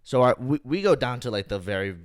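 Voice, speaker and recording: A man's voice: mid-range voice, fairly quick, clean tone. A young man co-hosting a podcast, telling a story in casual comedic style and often checking in with "right?". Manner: animated, keeps checking in with "right?". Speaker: podcast co-host.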